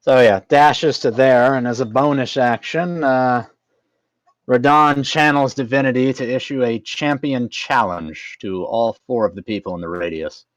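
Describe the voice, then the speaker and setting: A man's voice: medium pitch, measured pace, no echo. A man playing a tabletop game, thinking aloud as he explains his moves. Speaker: player.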